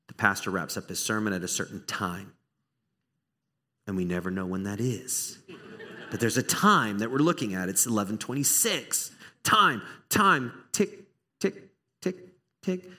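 Bright-voiced pastor preaching conversationally. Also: male voice, fairly low pitch. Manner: animated, conversational, acts out small dialogues. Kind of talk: sermon. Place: church sanctuary.

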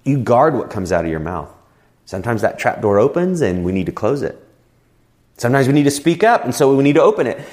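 A man's voice: mid-range voice, a little mellow. Guy pastor giving a sermon, chatty storytelling, voice swings up and down a lot. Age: adult with children. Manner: conversational, personal storytelling.

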